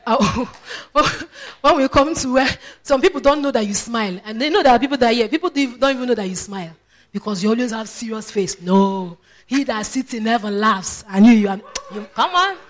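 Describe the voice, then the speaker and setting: A woman's voice: fairly high pitch, brisk. A woman preacher, delivering a sermon with fervent praise exclamations and questions to the congregation.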